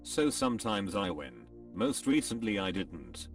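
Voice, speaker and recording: A man's voice: low-pitched, sing-song, unhurried, far from the mic, faint music behind. A man's computer-generated voice reading forum posts aloud, including the punctuation marks. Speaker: narrator reading online posts.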